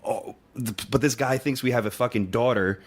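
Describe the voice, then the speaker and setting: A man's voice: medium pitch, normal speed. A young man co-hosting a podcast, telling a funny story in casual chat and acting out what people said. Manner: animated, acts out quotes, swears freely. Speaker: podcast co-host.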